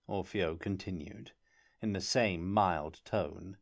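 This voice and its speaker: Male audiobook narrator, lowish voice, measured and even delivery. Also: creaky.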